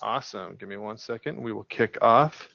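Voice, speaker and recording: A man's voice: fairly low pitch, moderate pace, creaky, pushed and bright, no echo, muffled recording. A man in tech marketing presenting on a casual panel, joking and playful.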